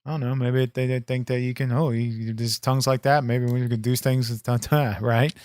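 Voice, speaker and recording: Man, podcast host, smooth clear voice, dry close mic, brash, swears. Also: mid-range voice, flat delivery, normal speed, a little mellow, dry recording. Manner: brash, swears freely, hard-selling promo tone. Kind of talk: comedic podcast banter.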